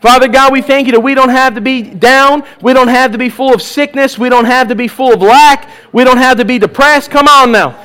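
A man's voice: extremely high pitch, a little fast, few pauses, sharp tone, clean tone. A man preaching at a church service, exhorting his congregation with repeated calls of "come on" and leading them in prayer. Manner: exhorting, repetitive "come on" calls, bursts of laughter. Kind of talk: charismatic sermon and altar call. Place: church service with live audience.

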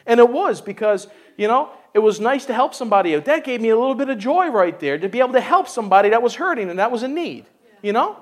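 High-voiced man preaching a folksy sermon. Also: big pitch swings, fast talker. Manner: chatty and exclaiming, leans on "you know". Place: church service.

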